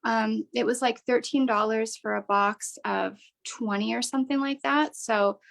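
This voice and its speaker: A woman's voice: on the high side, steady tone, measured pace, vocal fry, rough recording. A woman hosting a live online craft workshop, chatty, upbeat and encouraging as she walks people through each step. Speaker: workshop host.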